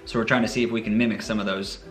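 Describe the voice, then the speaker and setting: This man in his thirties speaks with a fairly low, level voice that's quite bright and very fast. He's a researcher and family vlogger, chatting easily around his home and backyard, joking as he explains things in plain terms.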